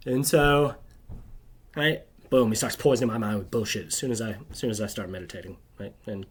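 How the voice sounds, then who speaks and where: A man's voice: lowish voice, fairly quick. A man telling a rambling, bitter personal story to camera, agitated and constantly tagging his sentences with "right?". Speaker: video creator.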